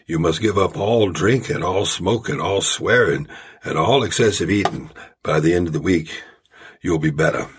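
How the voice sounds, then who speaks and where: A man doing an impression of a deadpan older male humorist in his seventies, with a Southern accent and slightly jerky phrasing. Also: low voice, normal speed, breathy edge. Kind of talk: storytelling impression.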